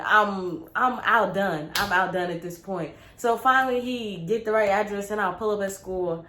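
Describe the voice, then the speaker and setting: A woman's voice: medium pitch, expressive, moderate pace, few pauses, fairly bright tone, a little hiss or hum. Slangy woman telling a story in a roomy space. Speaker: vlogger. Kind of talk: casual storytime. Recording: roomy with faint ambience.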